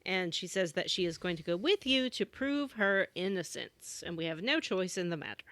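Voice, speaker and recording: A woman's voice: on the low side, expressive, moderate pace, a bit bright, no room sound. A woman co-hosting a casual podcast, recapping the plot of a game in a playful way. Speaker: podcast co-host.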